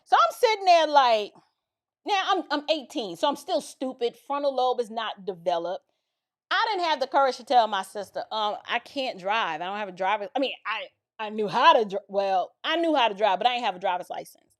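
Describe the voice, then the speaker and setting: Lively high-voiced New woman storyteller. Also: brisk. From the Bronx, New York. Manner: animated, dramatic retelling with lots of asides to the listener. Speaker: commentator telling a personal story. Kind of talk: casual storytelling.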